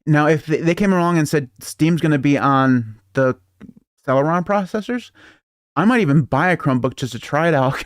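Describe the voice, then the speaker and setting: Chuckling often as he rambles through casual tech chat, this podcast co-host has a slightly high voice with lively intonation at normal speed. It's clean studio sound, free of room noise.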